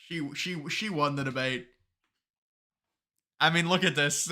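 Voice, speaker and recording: A man's voice: on the high side, measured pace, pauses often, bright, forceful tone. A man hosting a live stream, chatting casually and sarcastically about politics with many restarts.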